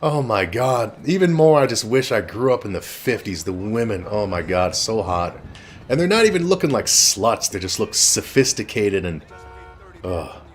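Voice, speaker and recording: A man's voice: on the low side, big pitch swings, normal speed, slight background noise. A man telling a rambling personal story in a blunt, casual way with frequent swearing, while streaming a game. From Canada.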